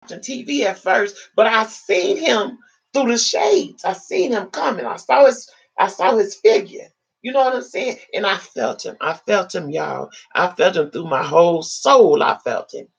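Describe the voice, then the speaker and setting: A woman's voice: mid-range voice, normal speed, vocal fry, breathy edge, muffled recording. A woman hosting a live video, telling an emotional personal story to her viewers and acting out what people said. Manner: dramatic, animated retelling with acted-out quotes. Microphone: live video chat setup.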